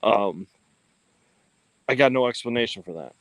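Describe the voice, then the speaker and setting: A man's voice: lowish voice, animated, normal speed, no echo, low-quality recording. A man co-hosting a livestream, talking casually with lots of ums and restarts, recorded on a phone. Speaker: co-host of a ghost-hunting livestream.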